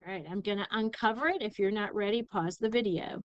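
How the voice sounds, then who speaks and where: A woman teacher giving a recorded spelling lesson, sounding out syllables slowly and carefully. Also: medium pitch, dry recording, muffled recording. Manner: slow, careful enunciation of syllables.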